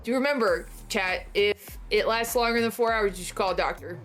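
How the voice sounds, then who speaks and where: Streaming live, a young woman keeps things casual and playful, teasing her viewers and greeting them by name. She speaks at a medium pitch and a fairly quick pace.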